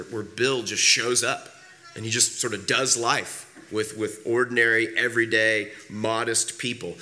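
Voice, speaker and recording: A man preaching a sermon as pastor. He is getting over a cold, so his voice sits lower than usual, and he talks casually with many fillers and repeated words. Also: pushed and bright. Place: church sanctuary.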